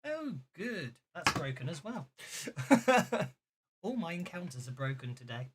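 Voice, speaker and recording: A game master narrating a tabletop game, halting often and laughing. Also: medium pitch, sing-song, background noise.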